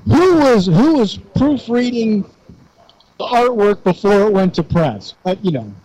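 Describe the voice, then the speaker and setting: An easygoing male radio co-host in relaxed on-air chat. His voice is fairly high, and he answers often with short nods of agreement. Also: unhurried, poor audio.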